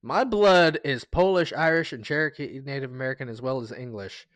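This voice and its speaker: A man's voice: medium pitch, a little fast, a bit bright, no room sound. A man live-streaming and chatting casually with his viewers, rambling, stumbling over his words and getting sentimental as he thanks them. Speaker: livestreamer.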